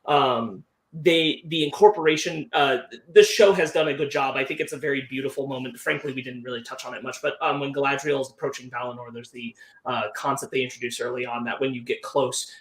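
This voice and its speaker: A man's voice: medium pitch, fairly even intonation, a little fast. A man discussing things on a casual podcast, thoughtful and analytical, working his points out as he talks. His voice sits in the middle range. The room around him sounds echoey. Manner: analytical, thoughtful, talks through ideas with restarts. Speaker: podcast co-host.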